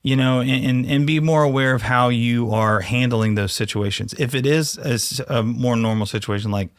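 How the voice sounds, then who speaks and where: A man's voice: mid-range voice, normal speed, no room sound, studio quality. A man, a father of boys, talking in a casual podcast discussion in a reflective, thinking-aloud way.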